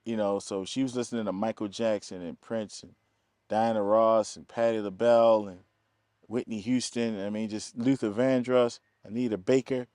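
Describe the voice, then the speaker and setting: A film producer from East Baltimore, USA, tells lively stories as a guest in a casual interview, acting out the voices he quotes and laughing often. His animated voice is lowish and moves at a normal speed, recorded with clean studio sound and no echo.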